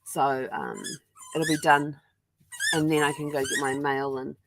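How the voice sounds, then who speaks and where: Background noise accompanies a deep-voiced woman with a New Zealand accent who speaks a little slowly and with fairly even intonation. She's a vlogger from New Zealand, chatting casually at home with her dog in a rambling, um-heavy daily vlog.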